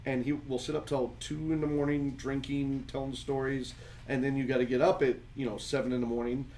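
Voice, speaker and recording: A man hosting a podcast in casual chat, rambling and halting with many fillers. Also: mid-range voice, level tone, a little mellow, a little hiss or hum. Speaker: podcast host.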